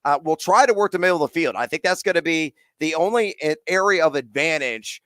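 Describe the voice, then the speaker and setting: A middle-aged man hosting a live fantasy football Q&A, reading viewer questions and answering in energetic slangy bursts with frequent fillers. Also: on the high side, a little fast, dry recording. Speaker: fantasy football and betting host.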